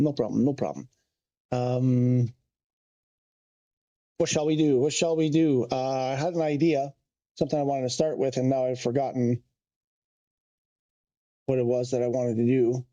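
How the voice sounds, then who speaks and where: A man's voice: mid-range voice, dark tone. A man streaming a flight game, chatting casually and thinking aloud as he corrects himself. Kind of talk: casual live-stream chat.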